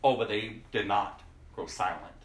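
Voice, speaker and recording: A man preaching a sermon, reading scripture aloud and speaking emphatically, often dropping to a hush. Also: lowish voice, distant mic. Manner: slow, emphatic, drops to a hush. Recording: roomy echo.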